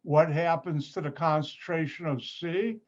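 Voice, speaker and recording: A man who is a chemistry professor teaches an online class patiently, repeating points and slipping in playful asides. His voice is on the high side, fairly even in intonation and unhurried, captured by a computer mic on a video call with muffled, lo-fi audio.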